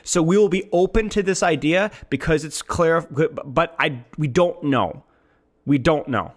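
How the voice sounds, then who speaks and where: A man's voice: fairly high pitch, unhurried. A man streamer giving emphatic gaming commentary, repeating his points.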